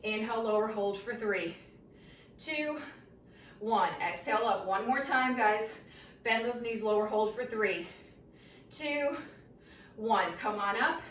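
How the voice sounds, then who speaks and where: A woman's voice: a little high, slow pace, pauses often, a bit bright. A woman leads a workout class, counting reps and calling out form cues while she moves along with it, a little out of breath. She sits back from the microphone, and the room gives her voice an echo over a faint hiss. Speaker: fitness instructor. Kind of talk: guided workout class instruction. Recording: roomy sound from a distant mic with faint noise.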